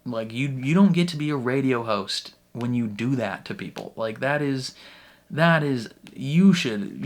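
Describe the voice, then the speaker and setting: Man, reaction vlog host, casual talk, animated, laughs often, filler-heavy. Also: mid-range voice. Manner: animated, laughs between phrases, heavy use of "like".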